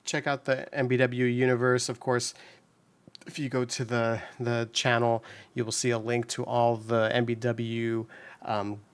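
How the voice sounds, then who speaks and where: A man's voice: mid-range voice, level tone, measured pace, clean tone, dry recording. A man hosting his puzzle channel, chatting casually and upbeat as he solves, with lots of fillers and restarts. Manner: rambling, upbeat, many fillers. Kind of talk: casual commentary while solving.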